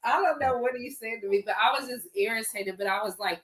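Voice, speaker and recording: A woman's voice: a little high, a little fast, low-quality recording. A woman guest on a casual podcast, telling stories bluntly and laughing often.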